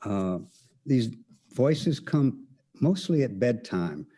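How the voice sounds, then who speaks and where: A man with a Texas accent, a photography teacher giving a conference talk, speaking haltingly with many fillers and restarts. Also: medium pitch, very animated, dark tone, husky. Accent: Texan.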